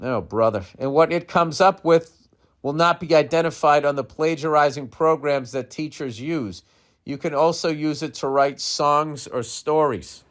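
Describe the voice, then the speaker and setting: A man's voice: on the high side, a little slow. A middle-aged man hosting a podcast, riffing in a blunt, sarcastic, profane monologue. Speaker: podcast host. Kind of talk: casual comedy podcast monologue.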